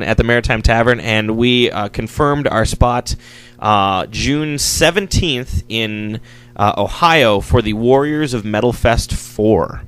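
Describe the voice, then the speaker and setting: A man's voice: mid-range voice, a bit bright, clear, resonant tone, low-quality recording. Man in a band, mid-range voice, loose and rambling with lots of chuckles. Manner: rambling, chuckling, filler-heavy. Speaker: band member. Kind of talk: casual radio interview chat. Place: radio studio.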